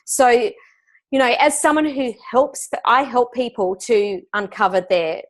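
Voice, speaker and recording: An Australian woman in her forties talks as an interview guest, upbeat and animated. Her voice sits a little on the high side. She coaches business owners and tells stories easily. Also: a little slow. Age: 40s. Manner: upbeat, animated storytelling with frequent laughs. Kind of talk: conversational interview.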